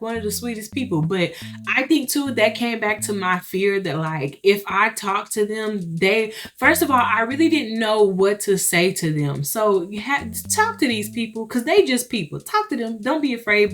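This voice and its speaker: A young woman tells a story straight to her viewers in a chatty, animated way. Her voice sits at a middling pitch, she laughs often and acts out what people said. Faint music plays softly behind her. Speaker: vlogger.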